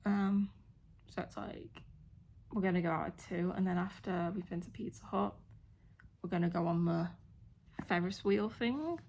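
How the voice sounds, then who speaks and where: A woman's voice: on the low side, moderate pace, gravelly, pauses often, a little mellow, a little hiss or hum. A woman vlogging from a hotel room, rambling chattily with plenty of fillers. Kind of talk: casual chat to camera.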